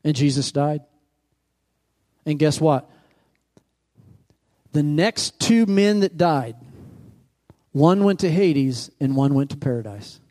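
A male pastor preaches slowly and animatedly, leaving long pauses, his voice slightly high and mellow. While retelling scripture he calls out questions to the congregation with growing emphasis.

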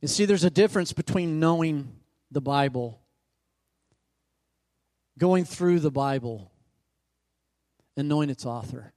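Male pastor, emphatic sermon delivery, slightly high voice, dry close recording. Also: unhurried, long pauses, darkish tone, dry recording. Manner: emphatic, repeats phrases for rhythm. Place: church.

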